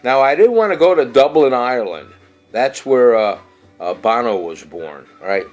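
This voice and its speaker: A man's voice: mid-range voice, animated, normal speed, darkish tone, dull audio, soft background music. A middle-aged man, hosting a casual show and rambling through birthdays and weather with many fillers and restarts. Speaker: radio-style show host.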